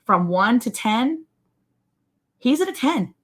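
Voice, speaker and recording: A woman's voice: a little high, sing-song, slow pace, husky. A woman from Maryland co-hosting a casual ranch livestream, talking in a playful, teasing, exclamatory way. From Maryland, USA.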